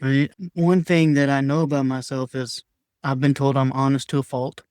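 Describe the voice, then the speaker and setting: A man's voice: medium pitch, level tone, moderate pace, a little mellow, clean tone, dry recording, studio quality. A man talking candidly as a podcast guest, earnest and emphatic, sometimes acting out his own past words in a raised voice. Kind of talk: candid conversational sharing.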